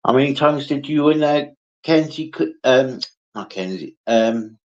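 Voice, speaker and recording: A man on a casual livestream, slowly chatting, swearing freely and answering viewers by name. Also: mid-range voice, lively intonation, darkish tone, muffled recording. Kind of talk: casual live chat.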